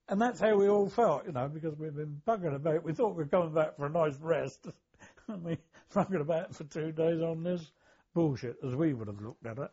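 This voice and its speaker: An older man with a husky, slightly high voice tells his war memories in an oral history interview. He hesitates often, clears his throat and chuckles as he goes. The tape sounds dull and lo-fi. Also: brisk, warm tone.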